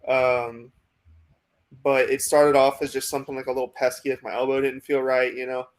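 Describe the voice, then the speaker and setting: Young man, American accent, casual interview guest, flat delivery, filler-heavy rambling. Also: medium pitch, moderate pace. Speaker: minor league pitcher, guest.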